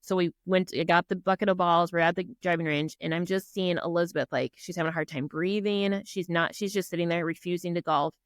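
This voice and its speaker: Talking a little fast with few pauses, this Minnesota podcast guest, a middle-aged woman, has a low-leaning voice captured in clean studio sound without room noise. She earnestly recounts a personal story, voicing other people's lines and filling gaps with "like" and "um."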